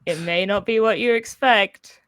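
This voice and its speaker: A woman running a tabletop game as game master, chatty and laughing, with halting restarts. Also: medium pitch, fairly bright tone, clean tone, dry recording, studio quality.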